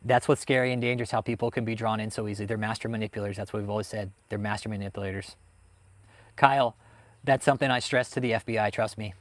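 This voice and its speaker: Fast and on the low side, with fairly even intonation, this man's voice comes through a dry recording. He runs a livestream about cults, swearing constantly and ranting hotly while answering chat.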